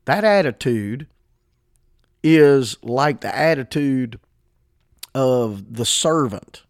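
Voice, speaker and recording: A man's voice: mid-range voice, lively intonation, takes it slowly, pauses often, no room sound, clean studio sound. A man preaching a podcast sermon in an emphatic, fervent way, repeating words for emphasis.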